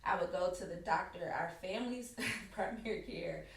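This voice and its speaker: A woman's voice: on the low side, moderate pace, creaky. A woman speaking as a podcast guest, candidly telling her own personal story in a casual way. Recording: echoey room, far from the mic, faint background noise.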